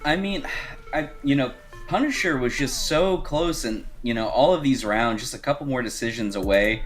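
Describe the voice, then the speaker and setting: A man giving color commentary on a fighting game match, relaxed and rambling, with many fillers. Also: medium pitch, moderate pace, faint music behind. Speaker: esports co-commentator.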